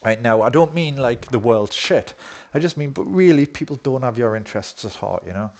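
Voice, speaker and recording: A man's voice: mid-range voice, lively intonation, a little fast, a little mellow. A man talking in a casual, rambling monologue, blunt and profane with many fillers. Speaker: dating coach.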